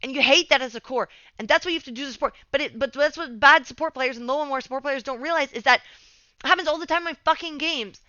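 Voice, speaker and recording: Woman, young, high voice, bright tone, casual coaching, swears a lot, dry slightly dull recording. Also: fast talker, no room sound. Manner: swears often, gets heated and ranting. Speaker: game coach. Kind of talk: casual coaching commentary over replay.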